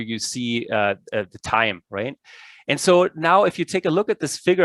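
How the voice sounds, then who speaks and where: Middle-aged man, German accent, halting academic lecturer over a video call, mid pitch, dry. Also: fairly bright tone, dry recording. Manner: hesitant, many fillers and restarts. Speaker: presenter, ecology professor. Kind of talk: online lecture.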